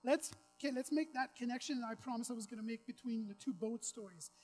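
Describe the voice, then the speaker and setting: A woman with a fairly high voice preaches a sermon, talking in a relaxed, chatty way with offhand jokes and asides. She builds to emphatic, repeated phrases as the preaching intensifies. Soft music plays faintly behind her. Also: fast, poor audio. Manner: conversational, with casual asides and self-deprecating humor.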